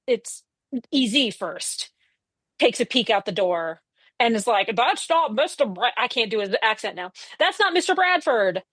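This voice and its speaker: A woman's voice: high voice, dry recording. A woman co-hosting a casual comedy podcast, recapping a TV episode and acting out the characters' lines. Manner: animated, swears freely, acts out characters' lines. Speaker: podcast co-host.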